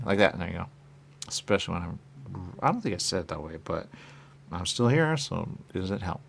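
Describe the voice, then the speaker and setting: A man hosting a radio show, talking in a rambling, repetitive monologue with muttered asides and sudden loud bursts. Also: low-pitched, quick pace, creaky. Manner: repetitive, playful, muttering asides, wide swings in loudness. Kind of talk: rambling stream-of-consciousness monologue.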